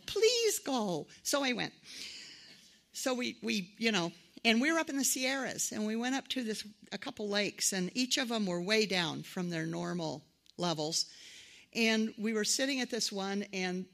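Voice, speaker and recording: A woman's voice: mid-range voice, moderate pace, creaky. A middle-aged woman preaching a conversational sermon, telling personal stories and acting out the voices of the people in them. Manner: conversational, animated quoted voices.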